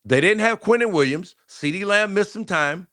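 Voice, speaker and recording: A man's voice: high-pitched, lively intonation, normal speed, bright, forceful tone. A man co-hosting a sports talk show, debating football casually and thinking aloud with frequent restarts.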